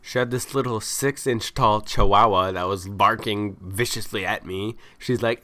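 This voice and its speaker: A man with a somewhat low voice tells stories in a loose, ranting vlog style. He sounds exasperated and complaining, dropping into quick quoted lines as he acts out the people he met. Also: fairly bright tone. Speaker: vlogger. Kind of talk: casual storytelling rant.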